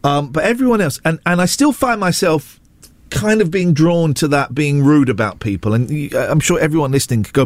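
A man talks on his radio show, and his pitch swings up and down as he rambles. He keeps cutting in on himself with jokes at his own expense. His voice sounds close to the mic in a dry, dead room. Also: expressive, fairly quick, no echo. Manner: rambling, self-deprecating, jumps between asides. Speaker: radio host. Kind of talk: casual on-air chat. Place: radio studio.

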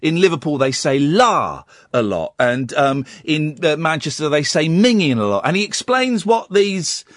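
Lively, playful male radio host. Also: a little high, moderate pace, few pauses, no echo, clean studio sound. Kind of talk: casual radio chat.

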